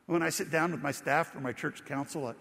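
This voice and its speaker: Male pastor, conversational storyteller, a touch high-pitched, reverberant church hall. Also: fairly quick, vocal fry. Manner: conversational storytelling preacher, animated emphasis. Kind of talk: sermon.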